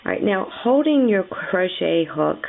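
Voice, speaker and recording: A crochet teacher leads a step-by-step craft tutorial at an easy, patient, measured pace, chatting and counting her stitches aloud in a sing-song, mid-range voice. A cold has left it heavily gravelly, fried and hoarse. The audio is thin and tinny like a phone call, with a little hiss or hum.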